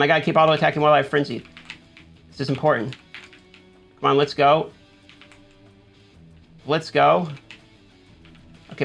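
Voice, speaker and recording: Gravelly man narrating his own gameplay. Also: mid-range voice, fairly bright tone. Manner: talks himself through play, panics and urges himself on. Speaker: gaming YouTuber. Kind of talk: live gameplay commentary.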